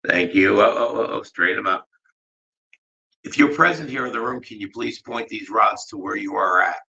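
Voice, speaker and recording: Low-voiced man calling to spirits. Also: gravelly, dull audio. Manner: slow, polite requests with long pauses; gets emotional and soft-spoken. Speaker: ghost hunter. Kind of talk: dowsing-rod spirit session.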